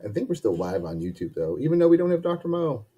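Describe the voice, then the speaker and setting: Ohio guy cohosting a live chat, low mellow voice, a bit husky, laid back. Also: big pitch swings, fast talker, dull audio. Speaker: co-host. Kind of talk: casual live-stream chat.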